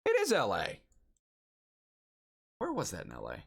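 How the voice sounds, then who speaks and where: Young male streamer, casual chatter, lively swooping pitch, thinks out loud. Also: a little slow, vocal fry, slightly rough. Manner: thinks aloud, musing and chatty. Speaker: streamer playing a geography guessing game. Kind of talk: casual game-stream chat.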